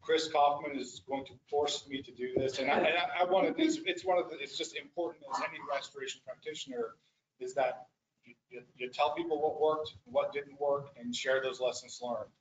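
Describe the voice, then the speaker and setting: Guy rambling about restoration work at a meeting, a bit high voice, echoey muffled room. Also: a little fast, a crowd in the background. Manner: rambling, animated, many restarts. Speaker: restoration practitioner presenting. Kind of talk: casual meeting presentation.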